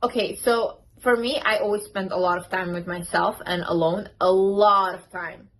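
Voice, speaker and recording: A woman's voice: medium pitch, steady tone, normal speed, fairly bright tone, a little hiss or hum, low-quality recording. A woman vlogger giving self-confidence advice in a casual, emphatic way, blunt and repeating words for stress. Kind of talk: casual direct-to-camera advice.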